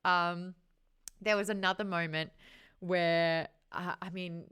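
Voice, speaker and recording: A woman's voice: fairly low pitch, steady tone, takes it slowly, a bit bright, clear, resonant tone. A woman with an Australian accent hosting a casual book discussion, retelling scenes and acting out the characters' lines. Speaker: book club host.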